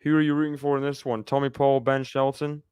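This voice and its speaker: A man calls a tennis match live for his stream in a chatty, reactive way, laughing often and talking to the chat. His voice is smooth and clear. It is recorded dry on a close mic. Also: mid-range voice, flat delivery, a little fast, a little mellow, no room sound. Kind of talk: casual live play-by-play commentary.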